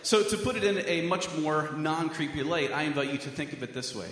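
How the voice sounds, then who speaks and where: A man's voice: on the high side, lively intonation, fairly quick, fairly bright tone. A man preaching a sermon as pastor, earnest, stressing his questions with a rising voice. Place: church sanctuary with a mural. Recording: echoey hall.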